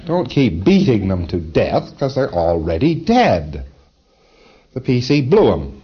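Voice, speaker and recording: A man's voice: mid-range voice, wildly swooping pitch, a little slow, lo-fi sound. A man giving an informal training lecture, conversational and emphatic, often chuckling at his own points.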